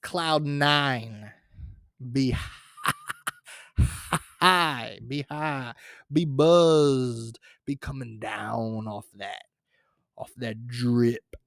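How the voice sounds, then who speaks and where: A man hosting his own podcast, telling a comic high school story in a rambling, profane way with many fillers and restarts. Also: very slow, vocal fry, pauses often, a bit bright, no echo, clean studio sound. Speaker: podcast host.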